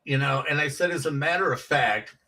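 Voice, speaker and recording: A comedian telling animated stories from his years on the comedy circuit, acting out the voices of people in them. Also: a little high, brisk, vocal fry, recorded from a distance, poor audio. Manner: animated storyteller, acts out quoted voices. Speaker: comedian guest. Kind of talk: casual storytelling.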